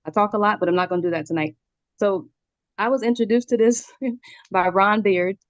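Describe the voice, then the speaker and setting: A woman in her forties speaking very fast and excitedly on a video call from her room at home, a little out of breath and laughing often. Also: mid-range voice, dry recording, muffled recording. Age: 40s. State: slightly out of breath. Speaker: community member sharing a testimonial. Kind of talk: casual call testimony.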